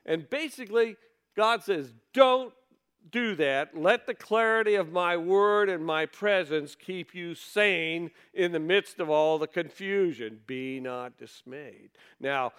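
A man's voice: sits high, a little slow, a bit bright, clean tone. A man preaching a sermon in a conversational way, reading scripture aloud and asking his listeners rhetorical questions. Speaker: pastor.

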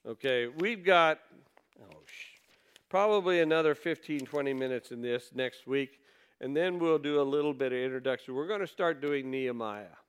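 Smooth-voiced male pastor preaching conversationally. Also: mid-range voice, normal speed. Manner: conversational preaching, rhetorical questions, reads scripture aloud. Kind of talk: sermon.

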